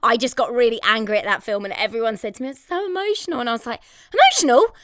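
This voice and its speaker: A woman co-hosting a casual podcast, expressive and quick to laugh. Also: fairly high pitch, clean tone, no room sound, studio quality. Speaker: podcast co-host. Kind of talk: casual chat.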